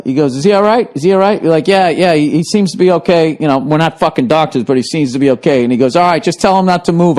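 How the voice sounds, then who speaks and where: A man's voice: mid-range voice, darkish tone. A man hosting a podcast, telling a story in casual chat, swearing a lot and laughing through it. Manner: profane, laughs through his own story. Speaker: podcast host.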